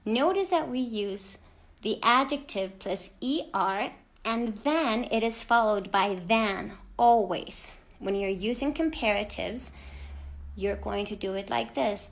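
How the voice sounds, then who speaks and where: A woman with a fairly high voice teaches a children's grammar lesson at an unhurried pace. She speaks clearly and deliberately, stressing each example word and encouraging her young learners. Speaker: English teacher.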